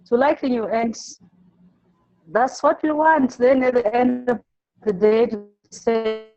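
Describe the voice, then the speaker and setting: A woman teacher from Zimbabwe, answering an interview by telling classroom stories in a halting way, repeating words and acting out the pupils she quotes. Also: on the high side, steady tone, dark tone, dull audio.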